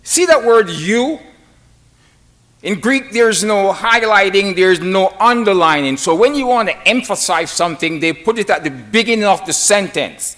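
A man preaching a sermon to a congregation, slow and emphatic, with dramatic pauses between phrases. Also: sits high, expressive, a bit bright.

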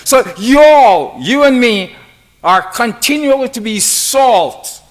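A man preaching a sermon to a congregation, slow and emphatic, with dramatic pauses between phrases. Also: very high-pitched, lively intonation.

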